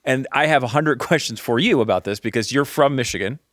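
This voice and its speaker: A man's voice: mid-range voice, fairly quick, a bit bright, no room sound, clean studio sound. A man co-hosting a casual podcast chat, talking in rambling, self-interrupting runs and often laughing. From Northeastern US. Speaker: co-host.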